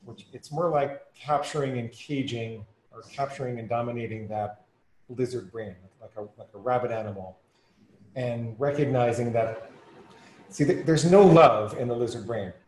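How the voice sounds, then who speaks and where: A man's voice: medium pitch, moderate pace, a little mellow, slight background noise. A man as a podcast guest, explaining earnestly and with rising emphasis. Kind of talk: conversational explaining. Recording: echoey room with faint ambience.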